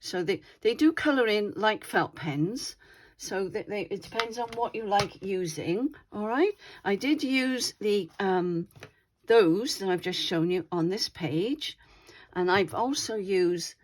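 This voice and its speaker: A woman's voice: mid-range voice, animated, slow pace. Chatty woman showing crafts. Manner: chatty, often checks in with "all right?". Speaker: craft channel host. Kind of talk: casual craft demonstration.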